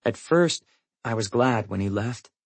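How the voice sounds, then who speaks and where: A man narrates a first-person audiobook in a measured, somber way. His voice is husky and sits at an ordinary male pitch. The sound is dry and close. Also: lively intonation, no room sound.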